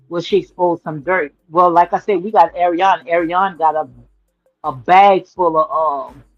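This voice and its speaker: A woman's voice: fairly low pitch, no room sound. A sassy woman hosts a casual livestream straight into her phone. She is emphatic and says things over and over for effect. The sound is dry and a bit dull, with faint music underneath. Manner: sassy and emphatic, repeats phrases, says "honey". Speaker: livestream commentary host.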